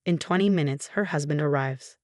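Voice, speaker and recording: Low-voiced woman reading a story. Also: fairly quick, dry recording, studio quality. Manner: reads every character in one steady voice. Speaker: narrator. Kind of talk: scripted first-person story narration.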